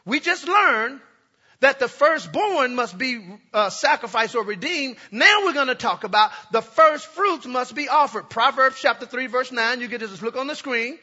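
A male pastor preaching to his congregation, calling for responses and climbing into shouts. His voice sits very high and lively, with a bright, sharp edge. The recording is muffled and lo-fi, with a husky grain in his tone. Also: normal speed, in a large hall. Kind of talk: sermon. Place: church sanctuary.

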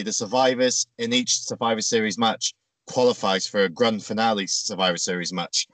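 Guy with a lowish voice walking through a recap, lots of uhs, dry close sound. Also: no room sound. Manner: steady, recapping step by step with frequent uhs. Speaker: podcast co-host. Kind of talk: casual chat recapping a wrestling show.

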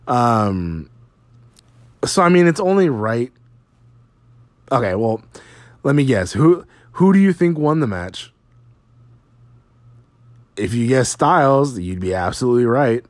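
A man's voice: on the low side, no room sound. A man casually recapping a wrestling show, rambling and swearing, with lots of fillers.

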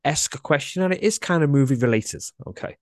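A man's voice: fairly high pitch, animated, no echo, clean studio sound. Chatty man hosting a podcast. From Yorkshire, England. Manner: chatty, playful, quick restarts. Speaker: podcast host. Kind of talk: casual chat.

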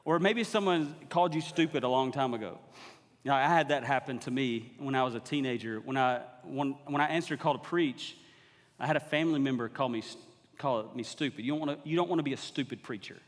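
A man serving as guest preacher delivers a sermon in a church sanctuary, talking conversationally and building up to emphatic exhortation. His voice is medium-pitched and brisk, and the recording carries long hall reverb.

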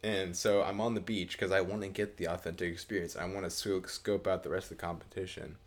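A man with a low voice chatting loosely as a podcast co-host. He rambles, trips over his words and restarts often, keeping an easygoing conversational tone. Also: fairly even intonation. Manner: rambling, halting with many restarts and fillers. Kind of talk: casual chat.

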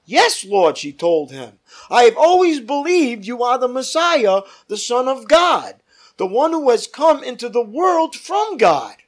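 A man leading a Bible study as pastor, reading scripture aloud with emphatic rises and dropping to quiet asides. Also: very high-pitched, sing-song, measured pace.

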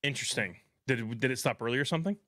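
A man co-hosting a podcast, playful and easily excited in casual chat. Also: mid-range voice, rapid-fire, no echo, studio quality. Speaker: podcast co-host.

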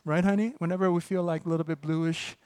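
A man's voice: a little high, fairly even intonation, quick pace, darkish tone, clear, resonant tone, no room sound, clean studio sound. Joking, emphatic preacher man with a raised voice. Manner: conversational and joking, with sudden emphatic bursts. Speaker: pastor. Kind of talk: sermon.

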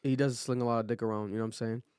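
Opinionated podcast co-host, dry close sound. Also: male voice, medium pitch, very fast, smooth, dry recording. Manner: animated, opinionated, heavy filler words. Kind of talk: casual chat.

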